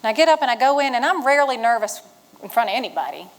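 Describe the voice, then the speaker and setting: A woman in her fifties from Virginia tells her life story to a room of veterans, slipping into the voices of the people she quotes. Her voice sits a little high for a woman and carries the energy of a motivational speech. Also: rapid-fire, rough recording. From Virginia, USA. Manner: animated, acts out dialogue in her story. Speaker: retired Marine giving a talk to veterans. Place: event room with an audience.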